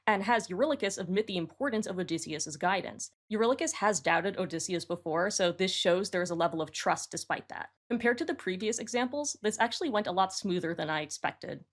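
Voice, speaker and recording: A woman's voice: medium pitch, fairly quick, hardly any pauses. A woman hosting her own channel, giving matter-of-fact, analytical commentary as she reworks song lyrics. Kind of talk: explanatory commentary to camera.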